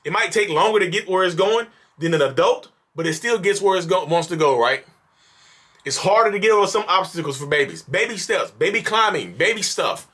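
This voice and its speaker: A man's voice: sits high, lively intonation, brisk, sharp tone. A man ranting in an exasperated, repetitive, pleading way at his viewers in a vlog monologue, calling them y'all. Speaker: mental health vlogger.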